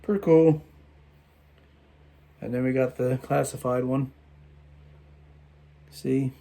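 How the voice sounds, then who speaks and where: A tired man rambling through a casual toy review vlog late at night, halting and restarting his sentences. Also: mid-range voice, fairly even intonation, creaky, mellow. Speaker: toy collector vlogger.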